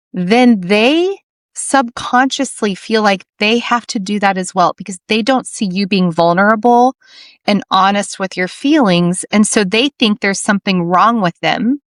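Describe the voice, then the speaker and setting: Middle-aged woman host chatting earnestly on a podcast, mid pitch, dry close sound. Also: a bit bright, no room sound. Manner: earnest, tells stories with quoted dialogue. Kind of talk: casual interview chat.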